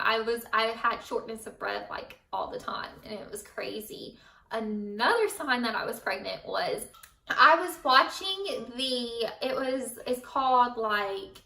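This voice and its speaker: A woman's voice: fairly high pitch, bright, forceful tone, distant mic. A young woman, a mother, chatting casually to camera in a rambling way, with many fillers and small laughs. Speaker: vlogger, mother. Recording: echoey room, voice set back from mic.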